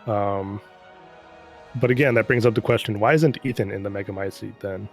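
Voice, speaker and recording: A man's voice: lowish voice, moderate pace, soft background music. A man casually recapping a game's story in a rambling, profane, sarcastic way. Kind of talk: casual chat.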